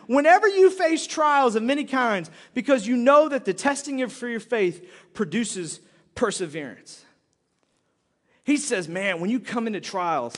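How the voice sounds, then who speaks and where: A man's voice: extremely high pitch, very animated, moderate pace. A man preaching a sermon with lots of energy, acting out little voices and laughing often. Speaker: pastor. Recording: long hall reverb.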